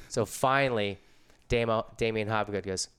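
Middle-aged man, easygoing surfer storyteller, smooth resonant voice. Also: fairly low pitch, a little slow, fairly bright tone. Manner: laid-back, slangy surfer talk. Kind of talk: casual storytelling.

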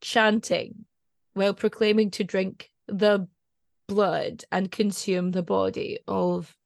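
A woman's voice: mid-range voice, level tone, slow pace, gravelly, no room sound, studio quality. A Scottish woman hosting a podcast in casual chat. She is chatty and digressive and laughs often. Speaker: podcast host.

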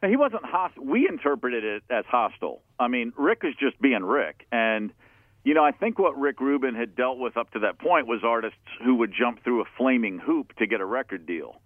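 A man in his fifties tells old band stories frankly, swearing freely and slipping into other people's voices as he quotes them. His voice comes through a thin, phone-like line with a dry, close sound. He sits at an ordinary middle pitch. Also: lively intonation, moderate pace, no echo. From Atlanta. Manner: candid, profane, acts out quoted voices. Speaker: musician guest. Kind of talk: casual storytelling interview.

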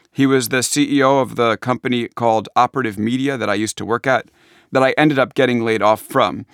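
A man's voice: mid-range voice, fairly bright tone, no echo, studio quality. A man with a Long Island accent, an author chatting casually and self-deprecatingly about his book in interview answers.

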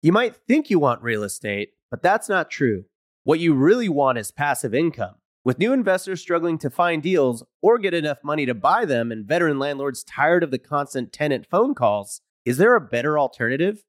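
A man reading scripted podcast ads in an upbeat sales pitch. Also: big pitch swings, moderate pace, no room sound, studio quality. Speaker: ad reader.

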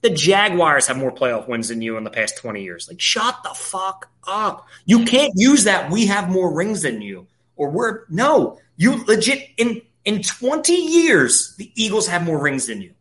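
A man rants in casual sports chat, swearing freely and hammering his points. His voice is bright and forceful. His pitch swings widely. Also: very animated, normal speed, few pauses. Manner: profane, ranting, emphatic. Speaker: podcast co-host.

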